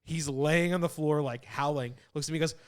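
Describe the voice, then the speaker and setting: A man's voice: fairly high pitch, fairly even intonation, a little hiss or hum. A young man co-hosting a podcast, telling a casual story and joking with the others. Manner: joking, quick banter. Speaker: podcast co-host. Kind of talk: casual chat.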